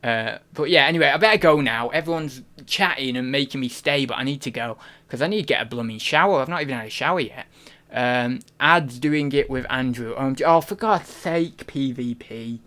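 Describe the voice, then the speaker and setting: A man's voice: mid-range voice, moderate pace, bright, forceful tone. Chatty man on a live stream. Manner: rambling, giggly, many restarts and fillers. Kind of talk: casual live-stream chat.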